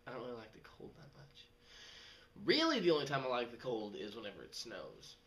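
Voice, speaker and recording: A young man, rambling casually in a vlog and jumping into high mocking voices. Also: brisk. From West Texas. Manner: animated, jumps to high mocking voices when quoting people. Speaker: vlogger.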